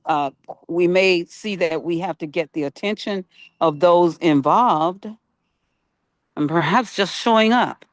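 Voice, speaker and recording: A broadcast host giving an unscripted spiritual talk on peacemaking, halting and searching for words, asking the listener questions. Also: mid-range voice, no room sound.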